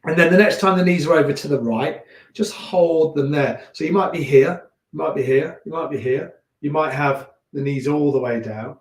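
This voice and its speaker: A man with a Leicester accent teaching a gentle yoga class, giving calm, unhurried cues with chatty asides. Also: a little high. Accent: Leicester English. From England. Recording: echoey room.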